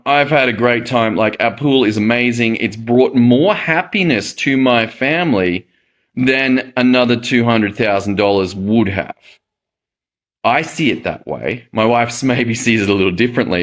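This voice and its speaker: At a moderate pace and in a mid-range, fairly bright voice, a middle-aged man recounts a personal story in a relaxed monologue. He is a medical educator and host, and he performs the reactions he quotes.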